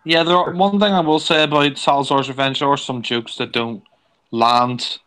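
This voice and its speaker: A man's voice: mid-range voice, fairly even intonation, normal speed, fairly bright tone, smooth, low-quality recording. A man giving casual, rambling commentary on a film, with lots of fillers.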